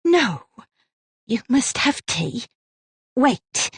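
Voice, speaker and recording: Woman doing a gentle gloucestershire widow, quiet and eerie, dry close audiobook sound. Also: a little high, big pitch swings, drawn-out words, husky, no echo, pitched above the performer's own voice, heavily acted. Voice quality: gentle, soft-spoken. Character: composed, eerie baker's widow, middle-aged woman.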